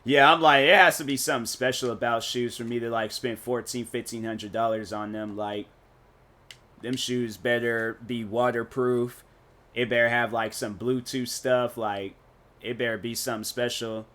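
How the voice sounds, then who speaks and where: A man's voice: mid-range voice, fairly even intonation, moderate pace, bright, forceful tone. A man streaming a game, chatting in a casual, rambling, slangy and joking way. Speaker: gaming streamer. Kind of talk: casual live-stream chat while playing.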